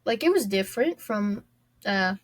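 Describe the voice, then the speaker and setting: A woman's voice: medium pitch, animated, moderate pace. A young adult woman hosting a solo podcast, talking casually and rambling with lots of fillers and small laughs. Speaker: podcast host.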